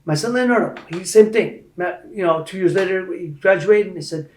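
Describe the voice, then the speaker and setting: A man in his sixties telling stories as a podcast guest, animated and building up loud and high to make his points. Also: brisk, echoey room, low-quality recording. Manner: animated storyteller, rising loud and high when making a point. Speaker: interview guest. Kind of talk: storytelling in a podcast interview.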